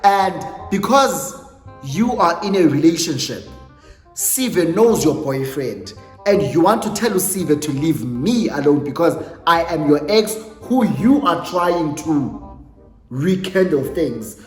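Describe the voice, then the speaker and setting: A South African YouTuber tells a dramatic storytime for his channel at a slow pace, animatedly mixing English with Xhosa phrases. For a man, his voice sits high. The room echoes with a long reverb tail, and faint music runs underneath.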